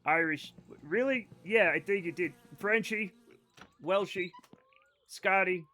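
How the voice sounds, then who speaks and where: A man's voice: sits high, takes it slowly, bright, forceful tone. A man live-streaming a game, rambling and joking with his chat in a profane, casual way.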